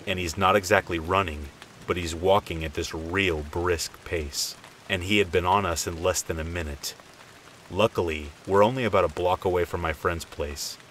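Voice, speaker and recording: A man's voice: deep voice, a bit bright, slight background noise, rough recording. A man narrating a true scary story in the first person, in a casual, conversational way.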